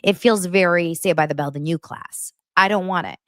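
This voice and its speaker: A woman's voice: on the low side, moderate pace, fairly bright tone, dry recording, studio quality. A woman hosting a livestream, chatting casually to her viewers in a gushing way, full of fillers and asides. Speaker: host of a pop-culture livestream show. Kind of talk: casual chat to a live audience.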